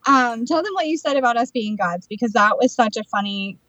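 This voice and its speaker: A woman co-hosting a podcast, telling stories in a chatty, animated way about her work as a psychic and channeler. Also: fairly high pitch, a little fast, dry recording, dull audio. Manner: chatty storyteller, animated retelling of conversations. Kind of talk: casual chat.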